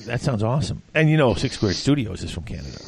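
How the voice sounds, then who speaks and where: A man's voice: mid-range voice, big pitch swings, quick pace, gravelly, slightly rough. A man hosting a hobby gaming podcast, joking and teasing his co-host in casual chat.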